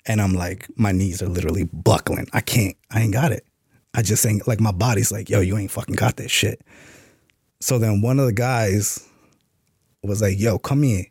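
A man's voice: lowish voice, moderate pace, a little mellow, husky, no echo, studio quality. A man being interviewed on a podcast, telling a story in a laid-back way and swearing casually. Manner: laid-back, profane, full of "you know what I'm saying". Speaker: podcast guest, author and Army veteran.

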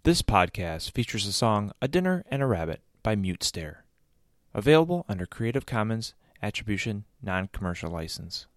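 A man hosting a podcast, reading a scripted outro in a measured, formal way. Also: lowish voice, very animated, no room sound, studio quality. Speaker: podcast host.

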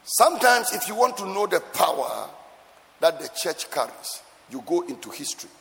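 A man preaching a sermon with emphatic repetition, swinging between soft asides and loud exclamations, at times half-singing his lines. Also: high voice, big pitch swings, normal speed, vocal fry, long reverb tail. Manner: sometimes lapses into a sung cadence.

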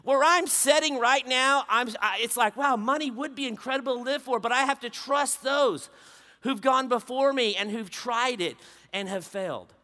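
A man preaching a sermon as a story, swinging from loud exclaiming to hushed, quiet narration. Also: extremely high pitch, normal speed.

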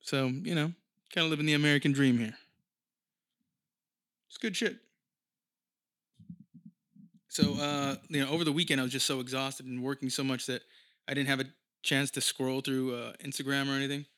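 A man in his thirties hosts a casual podcast monologue, rambling and swearing freely as he tells stories. His mid-range voice is steady, brisk and a bit bright, with clean studio sound and no room sound.

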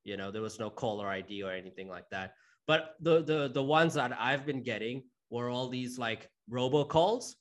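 A man's voice: medium pitch, moderate pace. A young adult man, a guest chatting casually on a podcast, agreeable and loose with his swearing.

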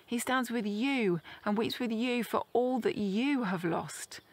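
Earnest woman preaching gently. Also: a little high. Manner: gentle, earnest, slows down on key phrases. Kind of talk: sermon.

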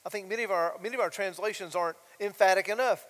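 Male pastor, high-pitched, emphatic sermon delivery, long reverb of a church hall. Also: racing, a bit bright. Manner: emphatic, rhetorical questions to the congregation. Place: church sanctuary.

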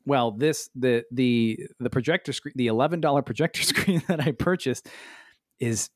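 A man on a podcast telling a story in an exasperated, animated way, swearing freely and swinging up into high pitch. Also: normal speed, dry recording, clean studio sound. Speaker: podcast co-host. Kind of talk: casual storytelling chat. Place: Los Angeles.

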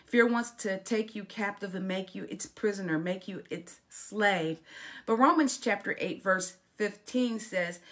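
A woman's voice: medium pitch, unhurried, a bit bright. A woman preaching a sermon, telling a story with dramatic swings in volume and emphasis.

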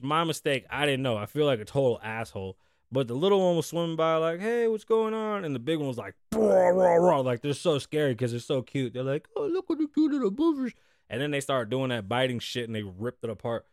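A man hosting a podcast in a loose, joking, foul-mouthed way, sometimes reading out news stories. His voice sits at a middling pitch. The sound is dry and close, with no room echo. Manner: profane, joking, loose and rambling. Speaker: podcast host. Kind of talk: casual podcast chat and reading news aloud.

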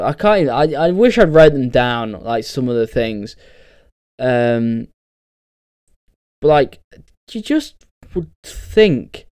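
A man's voice: mid-range voice, darkish tone, clear, resonant tone, dry recording, studio quality. A man hosting a casual solo podcast, rambling and sweary, ranting in bursts. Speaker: podcast host.

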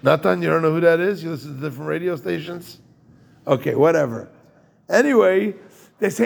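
A man's voice: on the high side, expressive, fairly quick, creaky. A man giving an informal Torah talk as a rabbi, jokey and digressive, and turning to ask his listeners questions.

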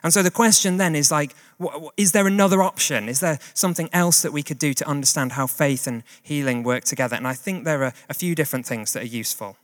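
A man's voice: on the high side, fast talker, hardly any pauses. A man preaching a sermon in a conversational, plain-spoken way with casual asides. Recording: long hall reverb.

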